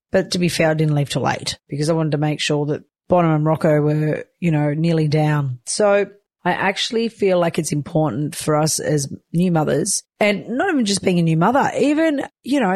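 A chatty woman, talking casually and laughing often as she shares stories. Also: no room sound. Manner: chatty, animated, laughs often, squeals high in baby talk. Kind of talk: casual monologue.

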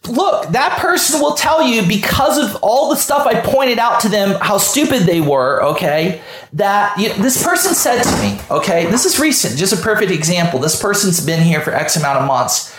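A man's voice: sits high, big pitch swings, moderate pace, fairly bright tone. Blunt, profane man in an echoey room. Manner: blunt and profane, many restarts. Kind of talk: casual conversation. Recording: roomy echo.

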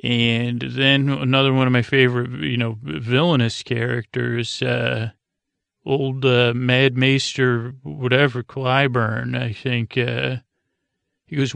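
Flat, gravelly droning man. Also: mid-range voice, dry recording. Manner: meandering, many fillers and restarts; droning, unhurried delivery. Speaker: podcast host. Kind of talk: rambling sleep-podcast TV recap.

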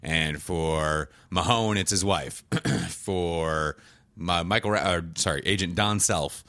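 A man's voice: low voice, slow pace, a bit bright, no echo. A man casually recapping a TV show on a podcast, rambling, swearing and laughing often. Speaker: podcast co-host.

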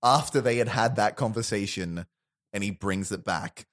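A man's voice: fairly low pitch, moderate pace, fairly bright tone. A man in casual chat on a podcast, retelling favorite film lines, often laughing and putting on voices for the quotes. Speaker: podcast co-host.

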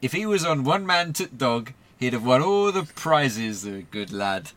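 Down-to-earth northern shepherd, voiced by a man, gruff and homely, comedy sketch. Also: mid-range voice, very animated, measured pace, fairly bright tone. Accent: attempted northern English. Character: rough-spoken male shepherd, proud and easygoing. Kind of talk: comedy podcast drama sketch.

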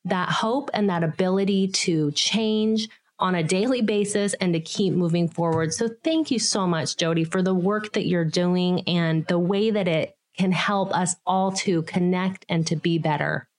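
A woman's voice: fairly low pitch, unhurried, few pauses. A woman hosting a podcast who chats casually and responds with enthusiastic, affirming remarks. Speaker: podcast host. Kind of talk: casual chat.

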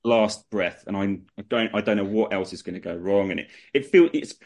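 A young man with a fairly low voice tells work stories as a guest on a relaxed chat show. He talks in lively bursts and laughs as he goes. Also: brisk, creaky. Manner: animated anecdotes, laughing through the story. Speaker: guest, music promoter. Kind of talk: casual storytelling chat.

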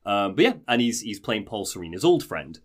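A male podcast host recapping a game story in an animated, jokey way. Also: fairly low pitch, fairly quick, slightly rough.

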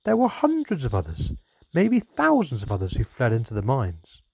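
A man's voice: mid-range voice, huge pitch swings, moderate pace, gravelly, mellow, slightly rough, no echo, heavily acted. A man voicing a small, tired goblin child who sounds timid and apologetic.

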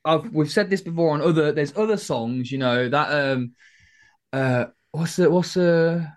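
A man's voice: on the high side, measured pace. A man chatting as a guest on a podcast, blunt and jokey with strong opinions. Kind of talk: casual podcast chat.

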